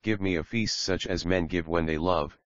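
A devoted young woman begs tenderly and submissively, as a male reader voices her. The voice stays deep and low. The sound is dry and dull, like a plain audiobook recording. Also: normal speed, a bit bright, no room sound. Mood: pleading. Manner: imploring, tender.

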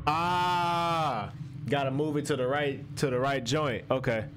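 Against some background noise, a young male gaming streamer talks at a measured pace in a mid-range voice. Playing a horror game, he speaks to the on-screen character, jumpy and animated, using lots of slang.

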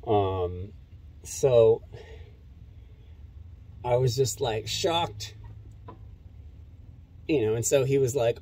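A man's voice: mid-range voice, lively intonation, extremely slow, long pauses, mellow. A man casually recounting a conversation with a friend, rambling with many fillers. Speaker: commentator. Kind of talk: casual storytelling monologue.

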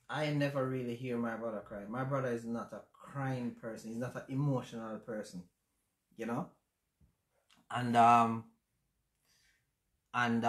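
A man with a Jamaican accent hosting a casual livestream chat, speaking in a reflective, halting way with many fillers. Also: mid-range voice. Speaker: channel host. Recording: roomy echo.

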